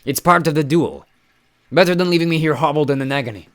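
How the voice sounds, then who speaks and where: A man voicing a croaking, mocking stone giant. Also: fairly high pitch, quick pace, a bit bright, voice pushed up, natural voice. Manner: taunting, croaking, boastful.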